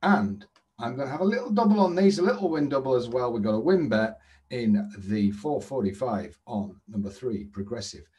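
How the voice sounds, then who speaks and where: A man hosting a daily horse racing tips update from an indoor trading room, brisk and salesy, chatty between tips. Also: medium pitch, a little mellow.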